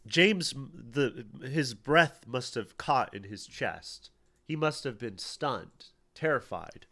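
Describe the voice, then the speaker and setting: Man joking through slow stream commentary. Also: mid-range voice, lively intonation, pushed and bright. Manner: joking, crude, storytelling. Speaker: streamer, podcast host. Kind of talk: casual livestream commentary.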